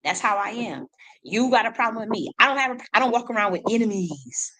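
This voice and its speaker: A woman's voice: on the high side, animated, pushed and bright, low-quality recording. Profane ranting woman. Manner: blunt, profane, combative, rapid repetitions. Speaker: independent artist. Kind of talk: ranting monologue.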